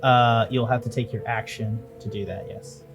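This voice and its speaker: A man's voice: mid-range voice, fairly even intonation, moderate pace, music in the background. A man running a tabletop game as dungeon master, talking loosely with fillers and swearing.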